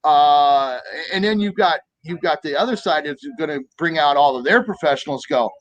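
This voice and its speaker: A man in his fifties from the United States, telling animated stories in a casual political chat and acting out quoted voices. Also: fairly high pitch, normal speed, no echo, rough recording. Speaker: co-host of a political talk stream.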